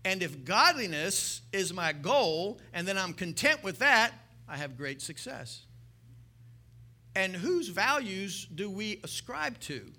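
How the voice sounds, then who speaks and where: A man preaching a sermon, asking the listeners questions and swinging from loud exclamations to soft, intense passages. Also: high-pitched, big pitch swings, slow. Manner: asks the congregation rhetorical questions. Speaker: pastor.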